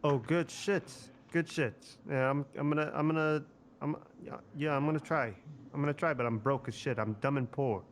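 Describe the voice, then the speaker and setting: A man from Kansas jokes loudly through a game role-play session, swearing and tripping over his own restarts. His voice sits a little high for a man, and a clear hiss of background noise runs under the recording. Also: moderate pace. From Kansas, USA. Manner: loud, excitable, swearing, many restarts.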